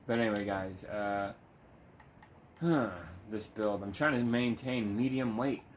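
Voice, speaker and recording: Man, gaming creator, easygoing, swears a lot, baby-talks his pet, lowish voice, faint hum behind. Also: unhurried. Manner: laid-back, swears freely, coos baby talk at his cat. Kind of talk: casual gameplay commentary. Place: home room.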